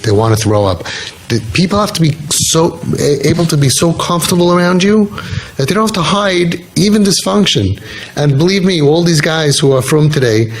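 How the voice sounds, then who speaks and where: A rabbi speaking informally to an audience, telling stories with lively quoted voices. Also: male voice, fairly high pitch, normal speed, slight background noise, rough recording. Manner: storytelling, animated, acting out quoted voices.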